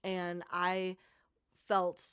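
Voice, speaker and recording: A woman's voice: on the low side, completely flat delivery, very slow, a bit bright, clear, resonant tone, no room sound, clean studio sound. A young woman content creator talking in a casual vlog, rambling and heartfelt, with many "like"s. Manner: rambling, heavy use of "like", heartfelt and gushing.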